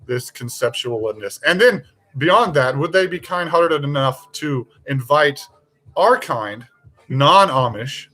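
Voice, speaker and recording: Animated ranting man, fairly high voice. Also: takes it slowly. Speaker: podcast host. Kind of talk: casual livestream chat.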